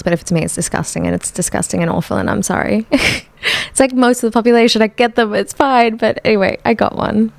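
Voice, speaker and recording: Gravelly-voiced woman, chatty and candid. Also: mid-range voice, darkish tone, no room sound. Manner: candid, chatty, self-mocking storytelling. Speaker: podcast host. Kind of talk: solo podcast storytelling.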